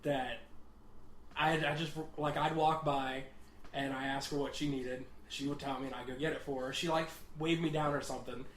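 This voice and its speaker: A young man telling a story on a casual podcast, animated and swearing, laughing at himself as he goes. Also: medium pitch, normal speed, slight background noise. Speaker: podcast co-host. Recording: roomy echo.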